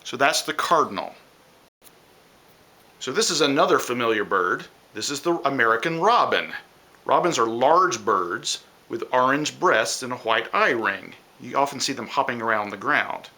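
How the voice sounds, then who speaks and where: Upbeat male nature educator for kids, animated and bright, walks through it step by step and mimics bird calls. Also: medium pitch, moderate pace. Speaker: science educator for children. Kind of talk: children's science lesson.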